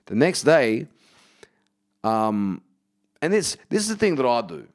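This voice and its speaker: In a medium-pitched, unhurried voice, this man, a comedian guest, spins a story in relaxed podcast chat, cursing a lot and performing other people's lines.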